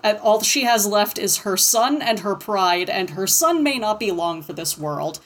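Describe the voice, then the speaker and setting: A woman's voice: medium pitch, lively intonation, a little slow. A woman guest on a podcast, talking thoughtfully and casually about a book with many fillers.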